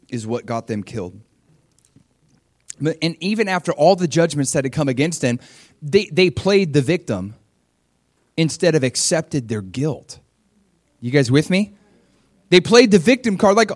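A man's voice: a little high, measured pace, pauses often. A man preaching a sermon in a conversational style, reading scripture and animatedly acting out the voices of the people he describes. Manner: conversational, animated, acts out quotes. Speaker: pastor.

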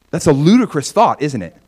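A middle-aged man preaching a sermon, animated, often acting out voices in quotes. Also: on the high side, husky. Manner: animated, acts out God's voice in quotes. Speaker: pastor.

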